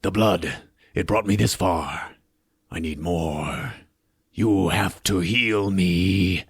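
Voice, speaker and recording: A man voicing a weak, slimy undead man who pleads for help in a slow, low, gravelly drawl. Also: no echo, clean studio sound, exaggerated voice. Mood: desperate. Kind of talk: comic movie recap impression.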